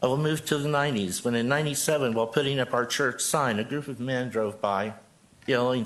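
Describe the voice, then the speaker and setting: A Joplin, Missouri pastor in his sixties speaks at normal speed in a mid-range voice. Standing at a city council podium microphone during public comment, he gives a prepared, earnest statement.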